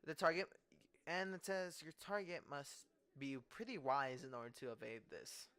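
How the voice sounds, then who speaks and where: A man's voice: on the high side, animated, normal speed, fairly bright tone, clean tone. A young man running a tabletop game as game master, casual and swearing, stumbling over words. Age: young adult.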